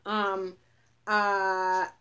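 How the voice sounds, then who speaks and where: A woman's voice: medium pitch, completely flat delivery, drawn-out words, sharp tone, muffled recording. A woman vlogger talking casually to camera, rambling and swearing with a sarcastic edge, sounding tired.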